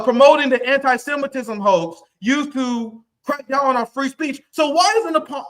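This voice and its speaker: A man's voice: very high voice, bright, forceful tone. A man hosting a livestream, delivering angry, profane commentary in a heated rant. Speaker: livestream host.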